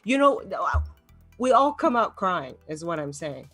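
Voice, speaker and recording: Woman comedian, lively swooping pitch, ranting stand-up, laughs at her own jokes, faint music behind. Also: a little slow, dry recording. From Los Angeles. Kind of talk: online stand-up set.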